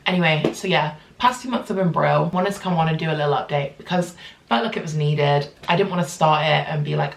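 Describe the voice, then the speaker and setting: A young British woman tells a casual storytime in a low, gravelly voice full of "like"s and quick asides. Her voice rings in an echoey room. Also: slight background noise. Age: 20s. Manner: chatty, animated storytelling with frequent fillers. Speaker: vlogger.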